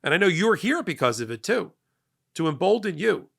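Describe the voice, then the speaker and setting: Middle-aged male host, gravelly and bright-toned, emphatic and energetic political commentary. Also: high-pitched, normal speed. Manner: emphatic, energetic, rising to loud peaks. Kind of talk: passionate political monologue.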